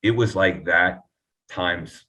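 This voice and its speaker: A man telling his recovery story earnestly and reflectively as an interview guest, often pausing and restarting. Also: low-pitched, sharp tone, far from the mic.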